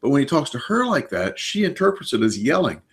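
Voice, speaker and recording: A man in his sixties speaking as a therapist guest in a casual chat, with a mid-range pitch. He explains his points with emphatic anecdotes. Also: big pitch swings, brisk.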